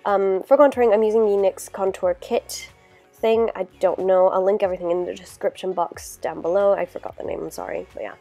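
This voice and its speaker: A woman's voice: medium pitch, fairly even intonation, fairly quick, mellow, soft background music. Congested young woman chatting casually. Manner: chatty, rambling, lots of "like" and "you know". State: congested from a cold. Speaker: beauty vlogger. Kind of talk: casual makeup tutorial talk.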